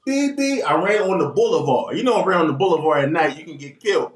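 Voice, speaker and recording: A man, casually telling a long funny story on a podcast, acting out the people he quotes. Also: fast. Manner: lively, acts out quoted voices with big pitch jumps. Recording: echoey room with faint noise.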